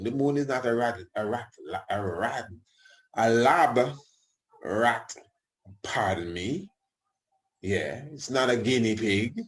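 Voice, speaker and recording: A man hosting a radio show, talking in a rambling, colloquial way with tag questions and chuckling asides. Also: fairly low pitch. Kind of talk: casual radio talk.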